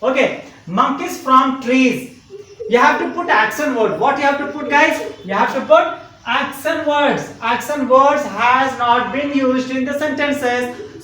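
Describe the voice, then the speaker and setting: Male teacher, very high and bright voice, unhurried, spelling words aloud for little kids, recorded off-mic in a very echoey room. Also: distant mic. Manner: slow and repetitive, spells words out letter by letter, keeps asking "okay?". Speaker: school teacher. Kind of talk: online grammar lesson for young children.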